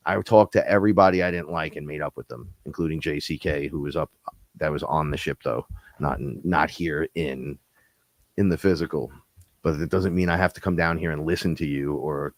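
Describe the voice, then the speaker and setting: A man with a very deep, low voice talks into a close mic in a dry, dead-sounding space. He rambles through stories with a loose, profane, animated delivery, like a live show host chatting to his audience. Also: dry recording. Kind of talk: casual spiritual talk-show monologue.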